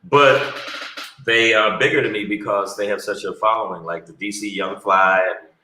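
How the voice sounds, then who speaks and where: A man's voice: fairly low pitch, normal speed, reverberant, a little hiss or hum, rough recording. A man, a comedian guest, telling stories in a casual interview, blunt and profane. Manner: blunt, profane, animated storyteller.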